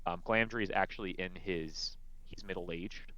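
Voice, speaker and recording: A man describing his character's actions in a tabletop game, halting with frequent ums and restarts. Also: sits low, steady tone, sharp tone, muffled recording. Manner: hesitant, many ums and restarts. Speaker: player.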